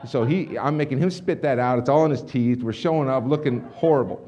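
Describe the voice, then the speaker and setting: A rapid-fire, middle-aged male speaker tells a lively keynote story from a conference stage. His tone is dark and mellow. He acts out every bit of dialogue with quick restarts and asides. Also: medium pitch, dull audio. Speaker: motivational speaker presenting to a business audience. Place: conference stage before a large audience.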